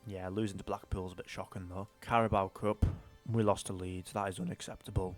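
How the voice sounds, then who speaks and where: A man's voice: deep voice, level tone, brisk, faint music behind. A young man giving casual, rambling commentary on a football career-mode save. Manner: chatty, rambling, mildly exasperated. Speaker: gaming YouTuber.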